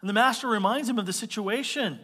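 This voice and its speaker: A male pastor preaching a sermon, explaining scripture in an animated, conversational way with quick asides. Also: high voice, long reverb tail. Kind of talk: expository sermon.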